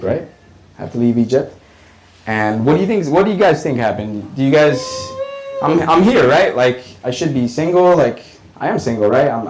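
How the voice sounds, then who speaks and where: A man's voice: medium pitch, a little hiss or hum, poor audio. A man telling a rambling stand-up story on a comedy club stage, full of fillers and restarts. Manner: rambling, filler-heavy, lively.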